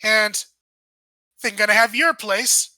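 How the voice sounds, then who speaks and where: A woman's voice: mid-range voice, slow pace, pushed and bright, no room sound. A woman voicing a scheming middle-aged male crook who talks in a chatty, slangy, hedging way. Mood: wheedling.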